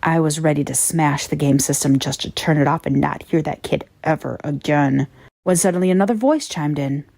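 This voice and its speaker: A woman narrating a horror story in a measured, grave tone. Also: low voice, gravelly, a little mellow, no room sound.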